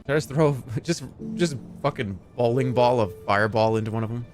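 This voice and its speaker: A man's voice: mid-range voice, a little fast, over music. A man in his forties streaming a text game, reading its prose aloud dramatically and joking between passages. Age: 40s. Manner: animated, jokey, dramatic read-aloud.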